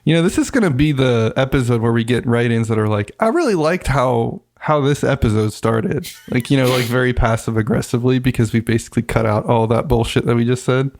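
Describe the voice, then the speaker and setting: A man's voice: mid-range voice, steady tone, quick pace, hardly any pauses, darkish tone. Joking, laughing male podcast host. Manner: joking banter with frequent laughter. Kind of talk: casual chat.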